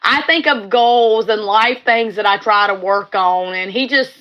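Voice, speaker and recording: A woman's voice: mid-range voice, measured pace, a bit bright, muffled recording. A middle-aged woman from California hosting a casual livestream chat, talking in a heartfelt, rambling way and repeating her phrases. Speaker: livestream host.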